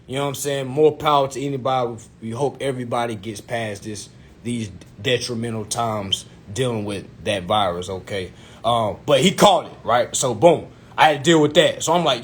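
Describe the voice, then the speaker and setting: A young man telling a personal story to his viewers in an animated, profane way, repeatedly asking if they follow him. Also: medium pitch, moderate pace. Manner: animated, profane, addresses viewers as "y'all", keeps asking "you know what I'm saying".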